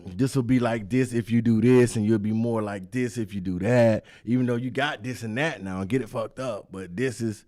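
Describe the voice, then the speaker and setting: A man's voice: lowish voice, darkish tone. A man hosting a casual chat, talking in loose, repetitive street slang. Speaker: host.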